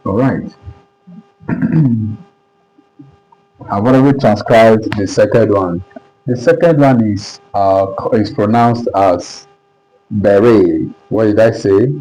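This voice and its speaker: A Nigerian-accented man stands at a board teaching English pronunciation, repeating himself and often asking whether his students understand. His voice is lowish and mellow, he speaks slowly with long pauses, and the recording is rough.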